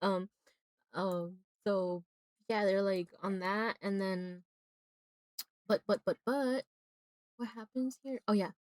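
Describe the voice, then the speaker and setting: A woman streamer chatting at home, retelling a movie in a loose, rambling way and leaning on "like" in nearly every phrase. Her voice sits at an ordinary middle pitch. The sound is dry and close, with no room around it. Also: steady tone, takes it slowly, pauses often, dry recording. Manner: rambling, constant filler "like", breaks into laughter. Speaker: live streamer. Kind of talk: casual chat recapping a movie while drawing.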